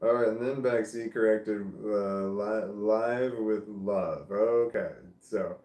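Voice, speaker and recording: Casting note: a slow, sleepy Midwestern man, low voice, in an echoey room, livestream chat host. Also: steady tone, warm tone. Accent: American Midwestern. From American Midwest. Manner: slow, mumbling and drowsy, breaking into laughter. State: high and tired.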